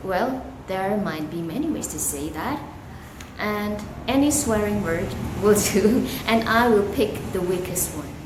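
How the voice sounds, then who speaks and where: A woman whose first language is Indonesian, teaching an English lesson in a slow, deliberate way with emphatic questions. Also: mid-range voice, lively intonation. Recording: echoey room with background noise.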